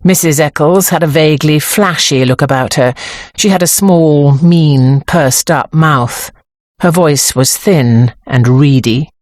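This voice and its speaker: A woman narrating an audiobook in a measured, expressive storytelling manner, close to the microphone. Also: deep voice, dry recording. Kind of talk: scripted narration.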